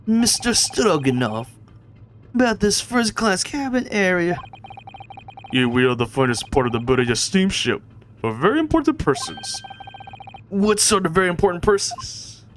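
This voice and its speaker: A man's voice: high voice, very animated, normal speed, fairly bright tone, a little hiss or hum, pitched above the performer's own voice. A man plays an earnest young male student in a visual novel game. The voice is lifted slightly and eager. He asks questions politely.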